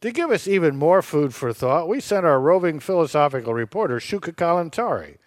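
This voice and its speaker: A man with a high, lively voice argues a philosophical point and slips in sarcasm and laughs. He sounds close to the microphone in a dry, dead room. He has the easy confidence of a radio co-host. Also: fairly quick, dry recording. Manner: sarcastic, teasing; laughs while arguing. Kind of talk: philosophical debate.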